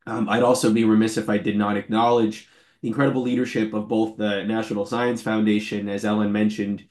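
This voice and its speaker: A man in his forties giving an academic talk over a video call from his office, earnest and friendly, with a voice that is going hoarse. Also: fairly low pitch, level tone, fairly quick, darkish tone. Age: 40s. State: losing his voice. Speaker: invited lecturer. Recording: roomy echo.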